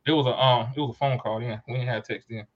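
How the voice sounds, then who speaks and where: A man's voice: mid-range voice, fairly even intonation, quick pace, a crowd in the background. A man in his thirties telling a rambling, slangy story in casual chat, often correcting himself. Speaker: podcast co-host telling a story. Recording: dull lo-fi recording.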